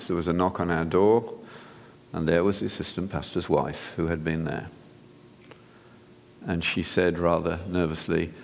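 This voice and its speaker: A man's voice: low voice, gravelly, big-room sound, slight background noise. A man, a physician, giving an earnest, direct sermon-style talk to an audience, often restarting his sentences. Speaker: physician speaker.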